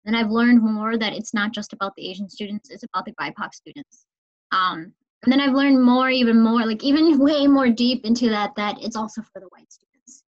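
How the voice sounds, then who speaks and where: A woman teacher from Minnesota telling an emotional story in a relaxed conversation. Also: a little high, brisk, highs cut off. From Minnesota, United States. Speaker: teacher, podcast guest. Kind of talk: casual conversation.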